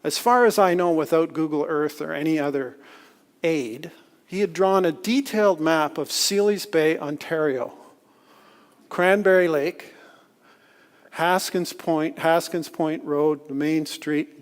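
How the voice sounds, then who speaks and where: Male speaker, slightly high voice, self-deprecating storyteller, long hall reverb. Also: measured pace. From Canada. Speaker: conference speaker. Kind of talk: storytelling talk. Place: lecture hall.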